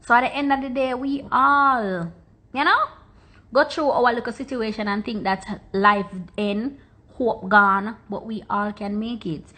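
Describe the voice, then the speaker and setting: A woman's voice: a little high, fairly even intonation, a little slow, pushed and bright. Jamaican lady on a phone live, just talking her story out, repeats stuff over and over for emphasis. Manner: emphatic, repeats words for stress. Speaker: social media personality. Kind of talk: Instagram live chat, personal storytelling.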